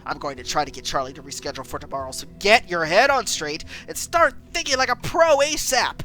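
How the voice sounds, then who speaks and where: Demanding male editor read by a woman, scolding, bright and lively. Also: sits low, a little fast, soft background music. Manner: scolding, loud. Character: harsh, demanding male news boss.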